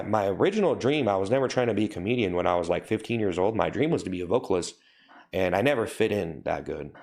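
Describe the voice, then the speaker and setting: A man's voice: lowish voice, vocal fry, darkish tone. A young man chatting casually on a livestream, rambling and correcting himself, with lots of fillers. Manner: rambling, self-correcting, says "like" and "you know" a lot. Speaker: livestream host. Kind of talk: casual livestream chat with viewers.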